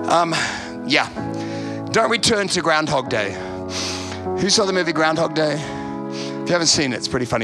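A man preaching a sermon as a pastor, emphatic and repeating his key phrases. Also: on the high side.

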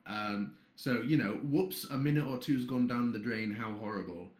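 A man's voice: medium pitch, normal speed, darkish tone, reverberant. A man who moderates a site, chatting bluntly on a podcast and swearing freely as he rambles along. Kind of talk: casual podcast chat.

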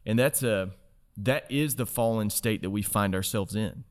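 A man speaking in a casual faith discussion, soft-spoken and measured. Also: fairly low pitch.

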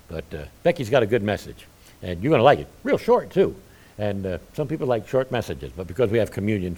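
A man's voice: on the low side, a little mellow, husky. A middle-aged male pastor preaching a sermon, with folksy asides between his points.

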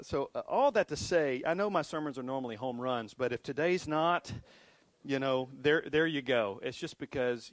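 A man's voice: mid-range voice, creaky, no room sound. A middle-aged man preaching as a pastor, talking casually with many restarts and self-deprecating asides. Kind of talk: sermon. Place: church sanctuary.

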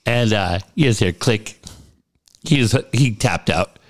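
A man's voice: on the low side, animated, unhurried. A middle-aged man telling a story in casual chat, jumping into the voices of the people he quotes.

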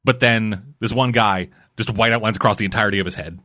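A man's voice: lowish voice, fast talker, sharp tone, dry recording, clean studio sound. A man co-hosting a podcast in casual chat, loose and rambling, peppered with swearing and fillers. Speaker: podcast co-host.

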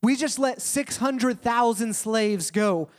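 A worried ancient king fires off one exasperated question after another. His voice sits fairly high, as a man acts him out from the pulpit. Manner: exasperated, rapid-fire questions.

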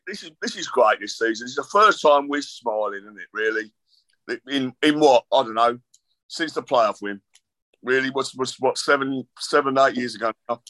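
A man's voice: medium pitch, animated, normal speed, sharp tone, dry recording. A middle-aged man, a guest author rambling through casual chat with self-deprecating jokes.

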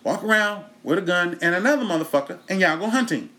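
A man's voice: high-pitched, fast talker. A man from Texas, hosting a comedy show and telling a story in a profane stand-up monologue. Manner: profane, animated storytelling, breaks into laughter. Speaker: comedian host.

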